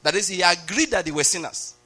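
A male preacher with a high, bright voice delivers a teaching sermon. He explains his point patiently and keeps asking the congregation whether they are getting it. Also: animated, fast, husky, soft background music.

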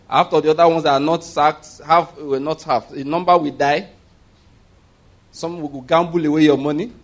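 Preacher man. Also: fairly high pitch. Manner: asks the congregation if they hear him, leads call-and-response with laughs. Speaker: pastor. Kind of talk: sermon.

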